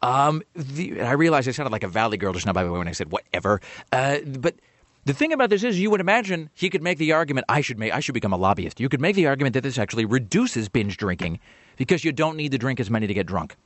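A man's voice: mid-range voice, very animated, quick pace, no echo. A man hosting a talk radio show, rambling and sardonic, dismissive about the topic. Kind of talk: casual talk radio banter.

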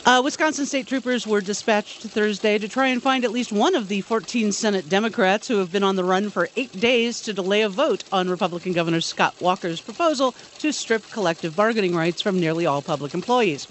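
A man's voice: high-pitched, a little fast, few pauses, a bit bright, a little hiss or hum. A man hosting a radio show, reading news stories and joking along with his co-host. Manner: reads headlines, then jokes along.

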